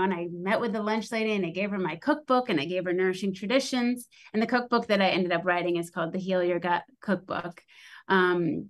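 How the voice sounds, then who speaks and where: Chatty woman telling a long story. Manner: chatty and animated, acts out quoted voices with rising pitch. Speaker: podcast guest, school lunch program founder. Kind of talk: casual storytelling in an interview.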